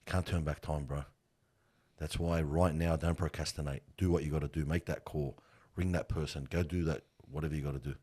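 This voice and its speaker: A man's voice: extremely low pitch, fairly quick, slightly rough. A middle-aged man who works with funerals, telling stories earnestly in a casual interview, often calling the listener bro. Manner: earnest, animated storytelling, calls the listener bro. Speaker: funeral worker.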